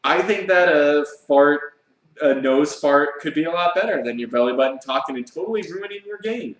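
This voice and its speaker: A man's voice: on the high side, normal speed, fairly bright tone. A man co-hosting a casual live chat show, spinning crude, rambling what-if stories and laughing along. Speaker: co-host. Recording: echoey room.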